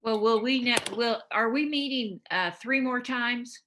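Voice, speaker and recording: A woman's voice: fairly high pitch, measured pace, background noise. A woman in a class, asking a hesitant, joking question from across the room. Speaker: class participant.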